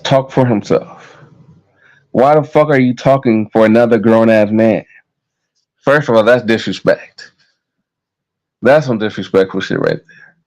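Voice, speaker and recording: A man's voice: mid-range voice, darkish tone, muffled recording. Man, young adult, from the United States, heated profane rant, repetitive, casual vlog. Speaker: vlogger.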